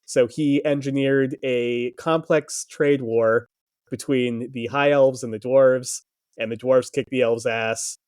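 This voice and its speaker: A man's voice: medium pitch, fairly even intonation, takes it slowly, a little mellow, clean tone. Joking, swearing podcast guy. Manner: profane, joking lore rambling. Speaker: podcast co-host. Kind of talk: casual chat.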